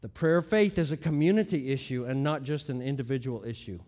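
A middle-aged man preaching a teaching sermon, stressing key words loudly and dropping into quiet asides. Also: medium pitch, a little fast, big-room sound. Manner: emphatic, swings between loud stresses and quiet asides. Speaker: pastor.

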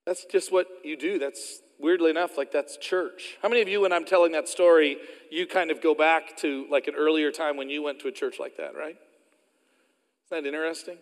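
A man with an Oklahoma accent preaches from the pulpit, his fairly high voice carrying a long reverb through the sanctuary. He tells stories in a folksy, self-deprecating way. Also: steady tone, a little fast. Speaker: pastor. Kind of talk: sermon.

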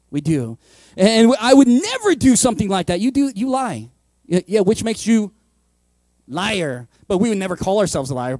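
A man's voice: sits high, a little mellow, no room sound. A man preaching a sermon as pastor, casual and joking, acting out the voices of his listeners.

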